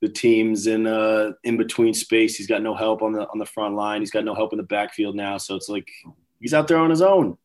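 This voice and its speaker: A man's voice: on the low side, fairly quick. A young man from New York with a New York accent, a guest in a casual chat, talking in a laid-back, easygoing way. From Brooklyn, New York, US.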